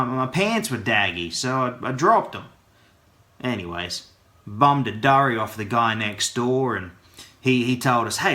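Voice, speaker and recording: Bright-voiced Australian man telling a yarn. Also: medium pitch. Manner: chatty, slang-heavy yarn-spinning. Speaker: vlogger. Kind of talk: casual vlog storytelling. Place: home studio.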